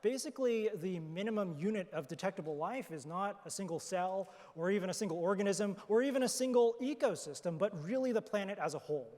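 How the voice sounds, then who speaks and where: A man's voice: sits high, a little mellow. A man, an astrobiologist on a conference panel, explaining his ideas thoughtfully with fillers and restarts. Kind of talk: panel discussion answers. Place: conference hall. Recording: hall reverb from a conference stage.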